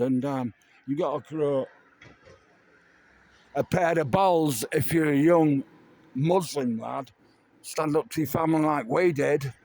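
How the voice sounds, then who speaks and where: A man's voice: fairly high pitch, a little mellow. A tipsy middle-aged man, rambling and swearing casually through a vlog monologue. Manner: meandering, swears casually, slow drawl. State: tipsy from drinking. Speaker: vlogger. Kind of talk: rambling late-night monologue.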